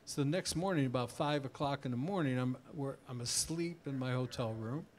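A man's voice: medium pitch, fairly quick, a little mellow. A man as a guest author, animatedly telling an anecdote at a live tavern event and slipping into quoted voices. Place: tavern event before an audience.

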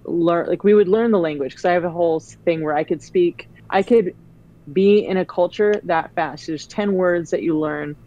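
A woman with a low voice chats casually, rambling through stories with plenty of "like" and restarts. Her audio sounds a little dull and lo-fi, like a call recording. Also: moderate pace. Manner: rambling, animated storyteller. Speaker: guest. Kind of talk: casual chat.

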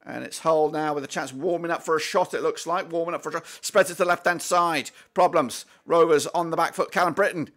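Male fan commentator, live watchalong, excitable, swearing, raspy fry, slightly high pitch. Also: fairly quick, hardly any pauses. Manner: excitable, swears, frequent fillers and restarts.

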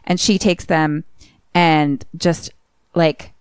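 Low-voiced woman, animated retelling. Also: very slow, clean tone, dry recording, studio quality. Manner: animated retelling, acting out characters' lines. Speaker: podcast co-host retelling a film. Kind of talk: casual chat.

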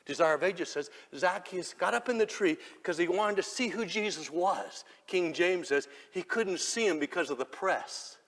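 A man preaching a sermon, telling the story dramatically and swinging from hushed lines to shouts. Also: sits high, expressive, moderate pace, hardly any pauses, big-room sound.

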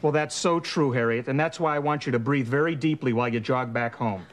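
A man's voice: medium pitch, fairly quick, natural voice. A man playing a flustered sitcom dad. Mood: fretful. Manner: exasperated, stammering. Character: flustered suburban dad, man, middle-aged. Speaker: sitcom father. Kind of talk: 1980s sitcom acting. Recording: hissy old TV recording.

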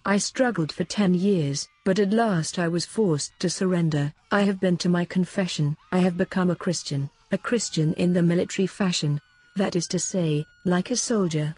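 Earnest old soldier, husky and mellow, read by a woman. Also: fairly low pitch, moderate pace, dry recording. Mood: grateful. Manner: earnest, emotional telling. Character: grateful old male soldier, former captain.

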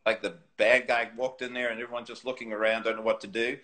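A man, a former tour pro turned coach, telling stories in an interview. His voice sits at a middle pitch, and he laughs often and acts out what people said. He comes across a live video call. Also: fast talker. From New Zealand. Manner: animated storyteller, laughs often, acts out quotes. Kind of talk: interview storytelling.

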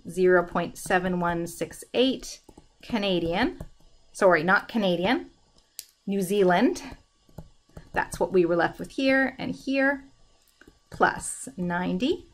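Methodical woman teaching a math lesson. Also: lowish voice. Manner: methodical, talks through each step aloud. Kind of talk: recorded math lesson, working through a problem.

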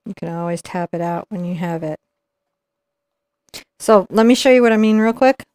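Lady painting teacher talking thru her strokes, smooth voice, no room sound. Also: on the low side, normal speed, darkish tone, no echo, studio quality. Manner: chatty, explains while painting. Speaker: painting instructor. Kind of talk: live painting tutorial.

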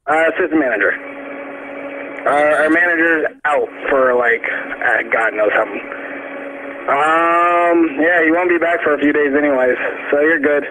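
A man's voice: on the high side, measured pace, noisy background. A man working as an assistant manager, talking in a laid-back drawl full of fillers over the phone. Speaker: fast food assistant manager.

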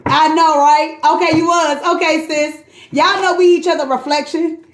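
A high-pitched woman runs a loose, chatty tarot reading, cursing freely and calling her listener queen and sis. Her voice echoes around the room as she talks. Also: fairly even intonation, normal speed, noisy background. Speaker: tarot card reader. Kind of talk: casual live tarot reading.

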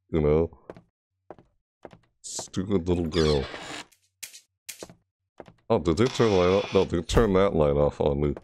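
A man's voice: deep voice, a little mellow, slight background noise. A man commentating a horror game playthrough, frustrated and jumpy, scolding the game's characters and shrieking at scares. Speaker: gamer.

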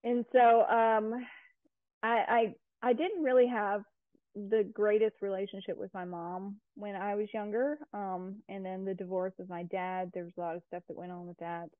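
A woman talks as a guest in a relaxed interview, rambling a little with plenty of fillers and restarts. Her voice comes through a thin, phone-like line with no room echo, and her pitch is average. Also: normal speed. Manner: chatty, lots of fillers and restarts. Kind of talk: casual conversational interview.

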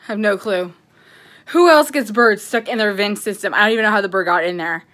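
A woman in her thirties filming a casual phone vlog at home, flustered and excitable, rambling with lots of fillers. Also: medium pitch, brisk. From California. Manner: flustered and excitable, bursts into screams. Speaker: vlogger. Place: home kitchen, then at an open sliding door.

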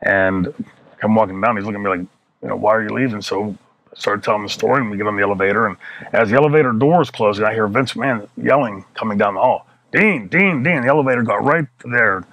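A man's voice: fairly low pitch, quick pace, no echo, rough recording. A man in his fifties, an interview guest, telling a story with plenty of swearing and acting out the people in it. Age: 50s. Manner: profane, animated storytelling that acts out the people in his stories.

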